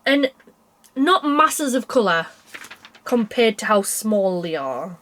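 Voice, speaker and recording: A woman's voice: mid-range voice, sing-song, slow pace, fairly bright tone. A young woman chatting casually about cross stitch designs, tired and yawning, rambling with small laughs. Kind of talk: casual chat.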